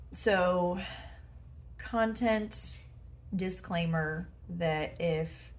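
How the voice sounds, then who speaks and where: A woman hosting a solo podcast from her bedroom as a head coach, chatty and self-deprecating, with many fillers. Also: on the low side. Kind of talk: casual solo podcast monologue.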